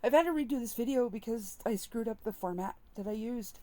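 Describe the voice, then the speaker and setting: Talking to the camera about her own experience, this woman vlogger has a slightly high, mellow voice and a somewhat fast pace. Her delivery is sincere, frank and openly emotional.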